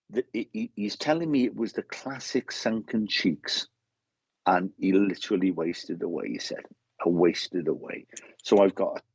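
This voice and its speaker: A man's voice: lowish voice, darkish tone, breathy edge, dry recording, dull audio. A middle-aged Welsh man with a Welsh accent, chatting as a medium, greeting viewers by name and relaying messages. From Wales. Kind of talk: live-stream greetings and mediumship reading.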